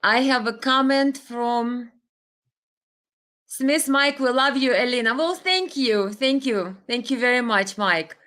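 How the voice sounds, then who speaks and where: A woman's voice: on the high side, takes it slowly, a bit bright. A woman hosting a livestream, talking earnestly and heartfelt to viewers on a webcam, tearful at times. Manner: earnest, heartfelt, reads viewer comments aloud. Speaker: livestream host. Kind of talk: emotional livestream talk.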